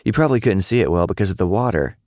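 A man's voice: low-pitched, lively intonation, rapid-fire, darkish tone, no room sound, clean studio sound. A man voicing a skeptical, matter-of-fact young schoolgirl in an audiobook. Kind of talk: audiobook character voice.

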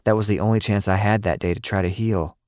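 Man voicing a tired storybook boy, soft, weary, deep low voice, dry close sound. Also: steady tone, fast, dry recording, close to an everyday voice. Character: tired, weakened boy with powers.

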